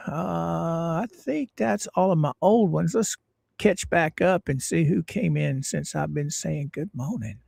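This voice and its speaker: A middle-aged man from Florida, hosting a casual livestream and greeting his viewers in a folksy, drawn-out way. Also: a little high, gravelly, slightly rough, no room sound, studio quality. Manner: folksy, drawn-out greetings, lively ups and downs. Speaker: livestream host.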